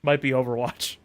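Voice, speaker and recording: Joking, higher-voiced male streamer. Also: bright, forceful tone. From Europe. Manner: joking, rambling, laughs often. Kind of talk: casual gameplay commentary.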